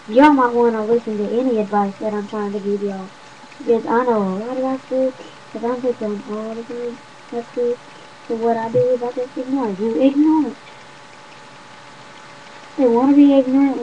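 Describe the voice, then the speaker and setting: A young woman rambles to her viewers in a loose, chatty way, calling them y'all. Her voice sits fairly high with a soft, mellow tone. The webcam audio is dull and lo-fi, with a faint hiss behind her. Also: fairly even intonation, normal speed. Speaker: vlogger. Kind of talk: casual chat to webcam.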